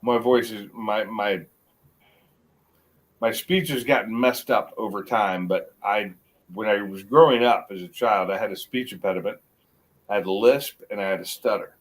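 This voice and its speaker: A middle-aged man with a mixed American accent, chatting casually as a guest on a livestream and rambling with halting restarts. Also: lowish voice, low-quality recording. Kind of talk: casual chat.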